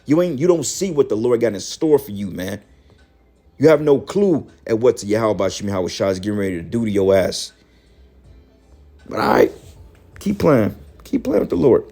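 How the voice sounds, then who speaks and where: Low voiced guy preaching hard, cussing a lot, scolding folks, gets loud. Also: normal speed, pauses often, faint music behind. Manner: profane, scolding, rising to shouts. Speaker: online street preacher. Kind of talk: fiery reaction commentary and preaching.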